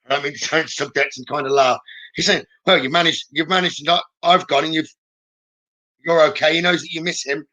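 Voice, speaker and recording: A man giving a live psychic reading, gentle and reassuring, often checking in with "okay?" and pausing with "um". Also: fairly high pitch, steady tone, low-quality recording. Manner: hesitant, with many "um" pauses. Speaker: psychic medium.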